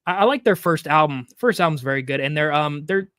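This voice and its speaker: A man's voice: on the high side, animated, fairly quick, a bit bright, smooth, no room sound, clean studio sound. A man hosting a casual wrestling podcast, blunt and swearing freely. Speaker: podcast host. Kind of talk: casual chat.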